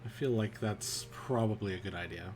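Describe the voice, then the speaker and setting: A man playing in a tabletop game, speaking in character in a relaxed, hesitant way. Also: lowish voice, moderate pace, a little hiss or hum. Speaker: player. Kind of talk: casual in-character play.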